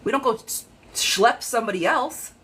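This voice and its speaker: A woman giving a live-streamed tarot reading in a chatty, frank, lively way, talking straight to her viewers. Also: a little high, moderate pace, slightly rough, poor audio. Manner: chatty, animated, frank, calls viewers girlfriend. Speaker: tarot reader.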